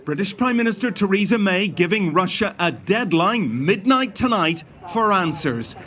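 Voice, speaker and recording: A man delivering a scripted television news report in a crisp, clipped way. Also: sits high, lively intonation, moderate pace, a bit bright. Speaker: news correspondent.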